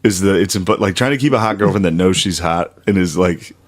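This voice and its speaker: A man's voice: low-pitched, a little fast. A man co-hosting a comedy podcast, trading teasing, profane banter in casual chat. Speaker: podcast co-host.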